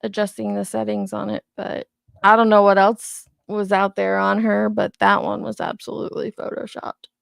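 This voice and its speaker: A woman in her thirties who hosts a commentary channel chats loosely on a casual livestream, reacting to viewer comments. Her mid-range, gravelly voice has a completely flat delivery at normal speed. The studio sound is clean with no echo.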